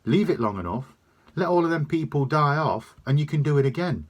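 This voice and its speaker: A man's voice: a little high, expressive, brisk. A man delivering a sweary, emphatic opinion rant to camera. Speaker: vlogger.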